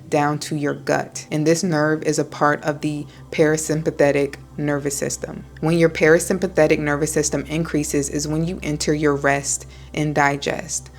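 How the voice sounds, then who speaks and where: Woman, very low voice, flat even delivery, calm soothing vlog talk. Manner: slow, soft, deliberate speech with pauses. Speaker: wellness vlogger. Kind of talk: calm talking-head vlog.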